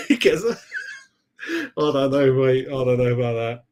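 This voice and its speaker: A rambling man, mid-pitched, talks casually on a live stream. He chats loosely with his viewers, laughs easily and keeps calling them mate. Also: very animated, takes it slowly. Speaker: football fan channel host.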